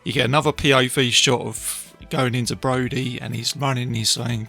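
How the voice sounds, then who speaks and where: A man hosting a podcast, casually retelling a film with animated asides to his listeners. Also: mid-range voice, normal speed, creaky, soft background music. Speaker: podcast host reviewing a film. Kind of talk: casual film review talk.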